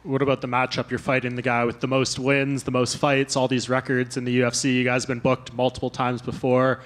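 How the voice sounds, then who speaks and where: Male reporter, flat even delivery, media day interview questions. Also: medium pitch, a little fast.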